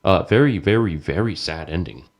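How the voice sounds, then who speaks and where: A man's voice: deep voice, expressive, moderate pace. A young man co-hosting a podcast, rambling with lots of fillers and imitating sounds. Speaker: podcast co-host. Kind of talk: casual chat.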